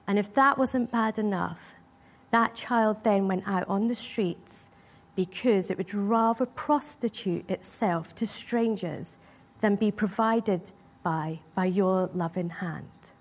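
A woman preaches to a congregation in a heartfelt, earnest way. Her voice sits at a middling pitch and carries real feeling, and she leans on rhetorical questions to draw her listeners in. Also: takes it slowly. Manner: earnest, emotional, asks many rhetorical questions. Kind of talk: sermon.

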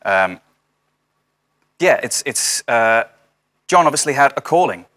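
Young male preacher, informal video-call sermon, chatty with dry asides, mid-pitched, lots of ums. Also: big pitch swings, takes it slowly, fairly bright tone. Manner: chatty, many fillers, dry jokey asides. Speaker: house church speaker.

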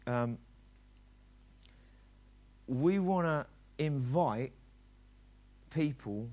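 Conversational pastor preaching. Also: male voice, fairly high pitch, moderate pace. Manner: conversational preaching, acts out quoted dialogue. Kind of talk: sermon.

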